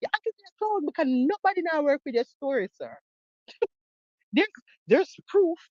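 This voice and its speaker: A woman's voice: fairly high pitch, a little mellow, no echo, lo-fi sound. Mocking Jamaican woman ranting. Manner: mocking, heated, repeats herself. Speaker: commentator reacting to a video. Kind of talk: reaction commentary.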